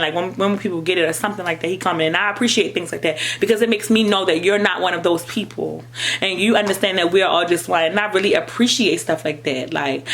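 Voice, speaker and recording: A woman's voice: fairly low pitch, slight background noise. A young woman with an African American English accent, giving impassioned personal commentary as a vlogger, emphatic and repetitive. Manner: emphatic, repetitive, rising to near-shouting.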